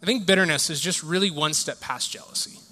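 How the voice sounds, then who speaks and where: A man in his thirties delivers a sermon in a high, bright voice, moving from lively storytelling to hushed reflection. His voice carries through a large hall with a long, lingering reverb. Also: quick pace. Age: 30s. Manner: animated storytelling, shifting to quiet reflection. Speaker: pastor.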